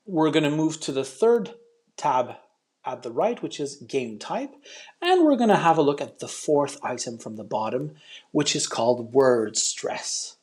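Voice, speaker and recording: A man's voice: on the high side, very animated, measured pace, darkish tone. A man teaching an online English pronunciation lesson, chatty and encouraging, explaining step by step with frequent ums.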